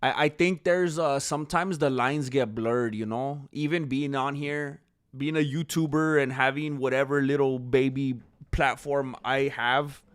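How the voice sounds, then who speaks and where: A male YouTuber casually chatting on a livestream and reading viewer comments, shifting from calm musing to loud disbelief. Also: medium pitch, measured pace, clear, resonant tone, no room sound, studio quality. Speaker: MMA news YouTuber.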